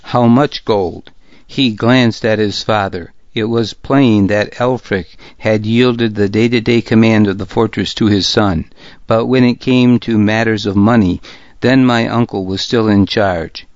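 A man narrating a story in the first person, measured and even. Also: fairly low pitch, no room sound, muffled recording. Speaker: audiobook narrator.

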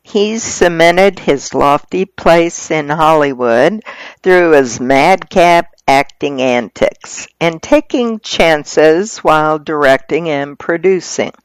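A slow, unhurried reader working through magazine articles aloud, paced and even. The voice sits in a middle register and sounds close and dry, with no room around it. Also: mid-range voice, clear, resonant tone, dry recording.

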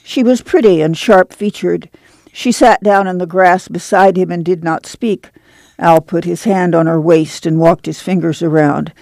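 Speaking in a lowish register, a woman reads an audiobook with steady, measured storytelling. There's no room sound in the recording.

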